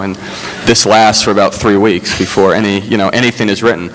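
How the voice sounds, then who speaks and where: A man speaking as a screenwriter on a panel, halting and self-deprecating, with many fillers. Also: low-pitched, fairly even intonation, a bit bright, long reverb tail, a little hiss or hum. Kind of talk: casual panel talk. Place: large hall on stage.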